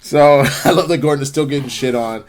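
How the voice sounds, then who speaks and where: A man co-hosting a casual review, retelling scenes with quick character voices and loose, profane banter. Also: mid-range voice, background noise. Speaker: co-host reviewing an episode. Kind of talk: casual recap chat.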